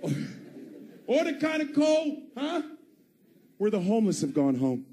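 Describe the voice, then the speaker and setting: A man performing stand-up comedy, his voice pitched high as he acts out little scenes in exaggerated voices. The live club recording carries a clear layer of noise behind him. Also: huge pitch swings, unhurried, warm tone.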